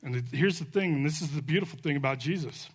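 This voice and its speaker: A man preaching a sermon as pastor, fiery and emphatic, building to near shouts and then dropping soft and low. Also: fast talker, breathy edge.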